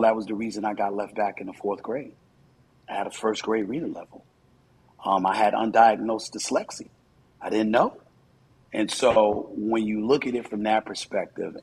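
A man's voice: on the low side, a little mellow, slightly rough, rough recording. A man in his fifties, a commentator, giving earnest, reflective interview answers with frequent fillers.

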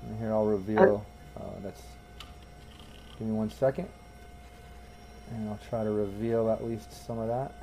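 A man's voice: lowish voice, little pitch movement, a little slow, pauses often, warm tone, a little hiss or hum, low-quality recording. Hesitant man running a tabletop game. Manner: hesitant, many fillers. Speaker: game master.

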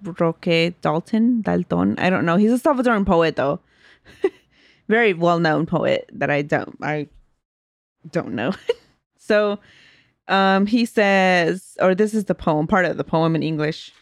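Young woman cohost, kinda low voice, laughs at herself a lot, dry close mic. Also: lively intonation, a little slow, no echo. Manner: self-deprecating, laughs at her own stumbles. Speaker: podcast co-host. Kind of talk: casual podcast chat.

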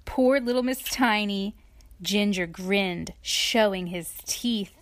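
A woman reading a children's story aloud in an expressive, playful way, adding asides to her listener. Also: medium pitch, takes it slowly, no echo, clean studio sound.

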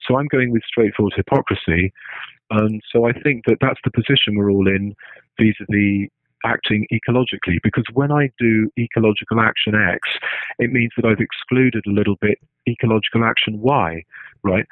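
A man's voice: fairly low pitch, a little fast, no room sound. Man musing hesitantly on a tinny line. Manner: hesitant, restarts often, keeps asking "right?". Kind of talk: casual spoken musing. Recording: tinny phone-like line, dry.

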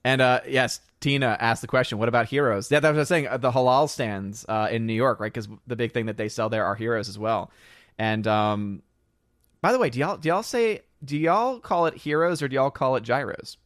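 A man's voice: mid-range voice, brisk, fairly bright tone, no room sound, studio quality. A man hosting a casual podcast, reading out chat comments, rambling and laughing often.

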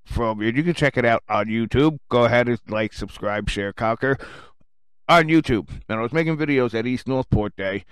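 A man hosting his own radio show, delivering an angry, sarcastic rant full of cursing, swinging between low muttering and loud outbursts. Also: normal speed, clean tone, no echo. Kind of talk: profane rant.

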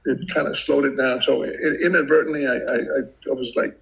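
Older male podcast guest, gravelly and forceful, animated storyteller; muffled lo-fi recording. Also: medium pitch, a little fast. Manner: vivid, animated retelling with many restarts. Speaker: podcast guest, retired FBI agent. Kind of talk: casual storytelling interview. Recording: dull lo-fi audio.

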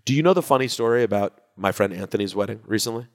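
A man's voice: lowish voice, fast talker. A man co-hosting a podcast, chatting casually and telling stories while acting out what his friends said. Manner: animated, acts out quoted friends. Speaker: podcast co-host. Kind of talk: casual chat and storytelling. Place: echoey room. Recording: echoey room with long reverb.

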